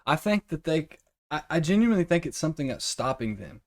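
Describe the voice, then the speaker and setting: A man's voice: a little high, sing-song, fairly quick. A young man hosting a casual podcast, rambling and joking, swearing freely. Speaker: podcast host.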